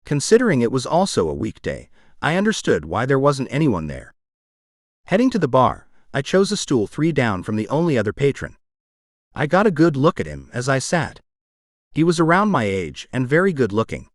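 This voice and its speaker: A male narrator reads a first-person audiobook in a wry, conversational way, his pitch rising and falling widely. The recording is close and dry, with no room sound. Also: huge pitch swings, normal speed, no room sound.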